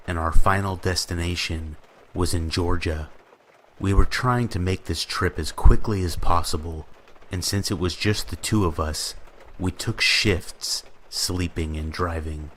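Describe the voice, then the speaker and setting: A man with a very deep, low voice reads scary stories in an even, steady narration. Soft rain falls faintly behind him. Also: a little hiss or hum. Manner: steady storytelling read. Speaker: horror story narrator. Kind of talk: scripted horror narration. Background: rain ambience.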